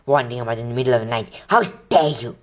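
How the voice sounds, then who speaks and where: A man's voice: mid-range voice, fast, a little hiss or hum, lightly acted. A man voicing a stern older woman professor in a storybook reading, sharply scolding.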